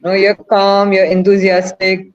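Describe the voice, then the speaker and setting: Woman, webinar presenter, coaxing Q&A delivery, muffled call audio, mid pitch. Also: completely flat delivery, measured pace. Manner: asks the audience questions, coaxing and encouraging. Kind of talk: interactive online teaching talk.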